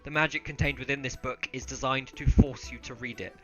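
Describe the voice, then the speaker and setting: A man narrating a tabletop game as game master, relaxed and hesitant with many ums. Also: mid-range voice, a little fast, faint music behind.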